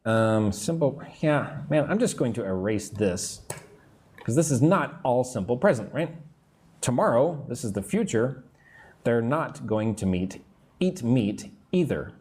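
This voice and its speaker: Mid-range, animated and mellow, this man's voice leads a live online English class. He explains grammar one step at a time and responds to comments from viewers, with the unhurried patience of a teacher.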